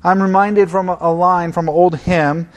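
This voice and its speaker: Earnest preaching man, fairly high voice. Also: steady tone, moderate pace. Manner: earnest and conversational, swinging between soft and emphatic. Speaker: pastor. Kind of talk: sermon.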